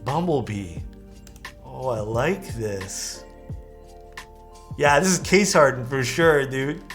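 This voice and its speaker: A man's voice: medium pitch, expressive, slow, fairly bright tone, soft background music. A man casually commenting on viewers' keyboard photos during a live stream, easygoing and full of praise. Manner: enthusiastic, easygoing, lots of praise.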